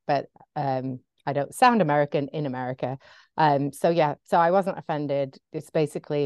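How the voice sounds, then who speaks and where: Low smooth-voiced Englishwoman. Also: a little mellow, no room sound. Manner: laughs often, self-effacing. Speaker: podcast guest, photographer. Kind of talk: casual interview chat.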